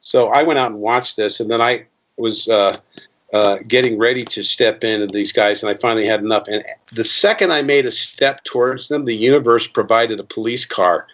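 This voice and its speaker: A man's voice: lowish voice, normal speed. A man in his fifties, an interview guest, telling stories in a rambling way with many restarts, and acting out the people he quotes. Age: 50s. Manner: animated, acting out quoted voices. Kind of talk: casual storytelling interview. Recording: dull lo-fi interview recording.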